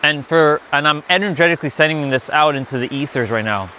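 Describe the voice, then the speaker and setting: A man's voice: fairly high pitch, quick pace, sharp tone, a little hiss or hum. A man giving an unscripted spiritual lesson, blunt and emphatic, often swearing. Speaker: spiritual teacher.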